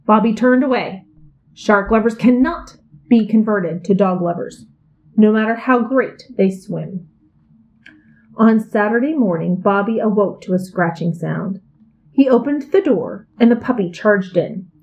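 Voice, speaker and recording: A woman reading a children's picture book aloud, with expressive and playful emphasis. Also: on the high side, poor audio. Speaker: storyteller.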